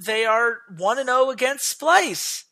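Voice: mid-range voice, takes it slowly, creaky. A podcast co-host in casual, argumentative chat about esports betting. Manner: animated, argumentative.

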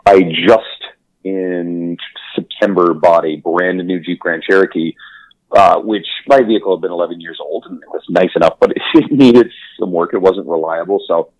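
A man co-hosting a podcast in casual chat, enthusiastic and quick to laugh, swearing freely. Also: deep voice, dry recording, lo-fi sound. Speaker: podcast co-host.

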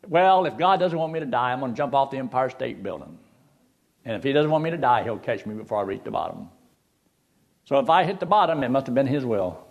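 An older man preaching a sermon, telling folksy stories and jokes between Bible verses. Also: mid-range voice. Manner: folksy, animated storyteller with jokes. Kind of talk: sermon with storytelling.

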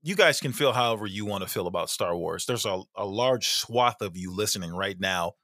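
A man co-hosting a casual podcast, animated and quick to get fired up, stumbling over repeated words. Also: fairly low pitch, dry recording, clean studio sound. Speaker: podcast co-host.

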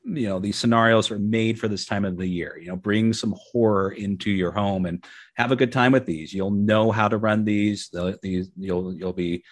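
A man's voice: on the low side, steady tone, normal speed, no room sound, studio quality. A man hosting a podcast interview, joking around and rambling with many restarts. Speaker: podcast host. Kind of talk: casual interview chat.

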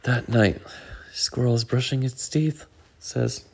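A man reading a picture book aloud to a child at home, relaxed and stopping to ask questions. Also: medium pitch, slow, creaky, husky.

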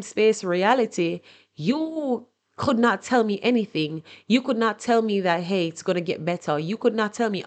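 A woman on her podcast, talking openly about a painful time in her life. Her voice sits a little low, and she speaks with raw emotion, often restarting and repeating words as she goes. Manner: emotional, candid, repeats words when searching. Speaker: podcast host. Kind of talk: personal storytelling monologue.

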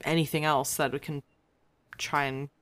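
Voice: mid-range voice, flat delivery, moderate pace, a bit bright. Player thinking a plan through aloud. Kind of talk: casual tabletop play.

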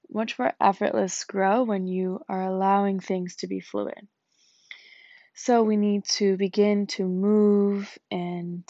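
A woman's voice: mid-range voice, gravelly, a little mellow, no room sound, muffled recording. A young adult woman giving a casual solo talk on healing, chatty, laughing often and acting out her own reactions. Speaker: wellness speaker.

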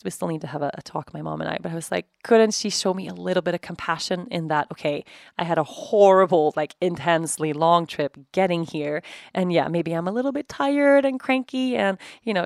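Candid woman telling a personal story, gravelly. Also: lowish voice, no echo, studio quality. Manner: candid, animated, many "like" fillers. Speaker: podcast host.

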